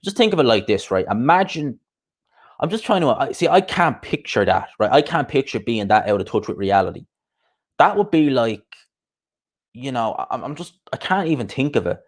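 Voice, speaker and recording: A man's voice: medium pitch, very animated, moderate pace. A man hosting a boxing live stream, ranting bluntly and profanely with lots of rhetorical questions. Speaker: boxing podcast host. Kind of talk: casual live stream rant.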